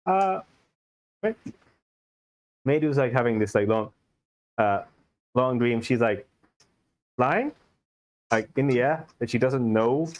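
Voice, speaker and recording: A man with an Indian accent runs a tabletop game, narrating the scene in a middle-pitched voice. He tells it loosely, with plenty of fillers and restarts as he goes. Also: expressive, takes it slowly, long pauses, low-quality recording. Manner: loose, filler-heavy storytelling. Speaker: game master.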